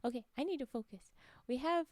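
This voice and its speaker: A high-voiced woman, fairly quick in her delivery, chats playfully with her ASMR stream's viewers, speaking softly, dropping often to a whisper and giggling a great deal. The recording has no echo.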